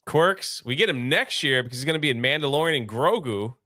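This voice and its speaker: A man's voice: mid-range voice, expressive, fairly quick, pushed and bright, no room sound, clean studio sound. A man co-hosting a casual movie review chat, talking in a rambling, laid-back way with many fillers. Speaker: co-host of a movie review show.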